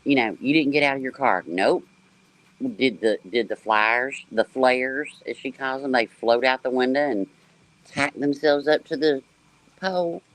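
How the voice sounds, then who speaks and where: A man with a Southern accent, speaking at an ordinary middle pitch in loose, slangy panel talk. He is blunt and unfiltered, and he swears without a second thought. His tone stays conversational and direct, as if he is calling things as he sees them. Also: dry recording, rough recording. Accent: Southern American. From American South. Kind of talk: casual livestream panel chat.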